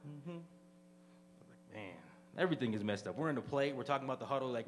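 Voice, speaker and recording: A man's voice: mid-range voice, quick pace. A young man doing a live stand-up set, chatting loosely with the audience and throwing questions at them. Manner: loose, conversational crowd work, asks the audience questions. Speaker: stand-up comedian. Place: small live venue with audience.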